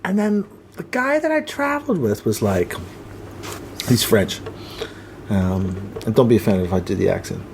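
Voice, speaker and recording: A man guesting on an interview, telling stories and giving advice in a relaxed, candid way, now and then swearing. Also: on the low side, normal speed, pauses often, slight background noise. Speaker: interview guest, film production head. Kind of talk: casual interview chat.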